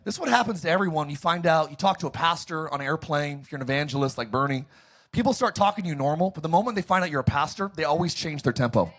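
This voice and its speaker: High, husky-voiced preaching man. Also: lively intonation, fast talker, a bit bright. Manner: jokey, calls for congregation responses. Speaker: pastor. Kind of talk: sermon.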